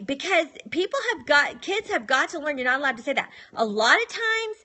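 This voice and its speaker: A woman's voice: sits high, pushed and bright. A middle-aged woman talking casually on a live stream, giving firm, matter-of-fact parenting advice and acting out what she says to her children.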